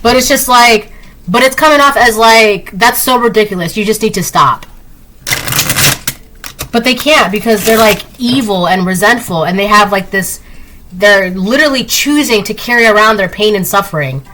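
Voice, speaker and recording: A woman doing a casual spoken tarot reading, chatty, laughing often and acting out quick quoted voices. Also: mid-range voice, sharp tone, a little hiss or hum, rough recording. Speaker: tarot reader.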